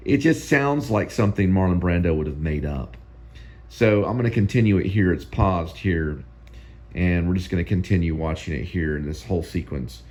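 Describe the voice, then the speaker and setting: Man, very deep voice, host, casual film commentary, rambling and repetitive. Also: animated, normal speed, darkish tone. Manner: rambling, repeats himself.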